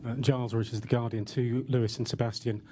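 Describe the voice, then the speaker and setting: A man's voice: mid-range voice, flat delivery, fast. A male journalist asking a formal, direct question at a press conference. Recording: noisy press room audio.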